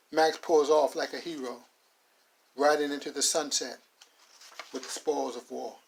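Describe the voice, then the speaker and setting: Measured male storyteller, slightly high voice. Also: fairly even intonation, gravelly, a little hiss or hum, low-quality recording. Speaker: narrator. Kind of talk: dramatic story narration.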